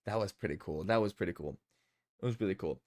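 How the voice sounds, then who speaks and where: A man's voice: low-pitched, fast, darkish tone. A man streaming live, chatting casually and rambling, often repeating his own phrases.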